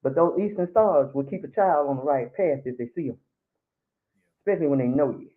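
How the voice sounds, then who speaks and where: A woman's voice: deep voice, fairly quick. An outspoken middle-aged woman gives her testimony at a Bible study. She talks bluntly and emphatically, with a streak of dry humor. The sound is thin and tinny, like it is coming through a phone line. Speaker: church member giving testimony.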